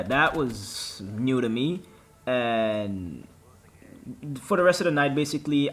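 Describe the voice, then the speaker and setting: A young man hosting a vlog, telling a story casually, with lots of swearing and acted-out quotes. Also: medium pitch. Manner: animated, profane storytelling with quoted dialogue. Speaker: gaming channel host.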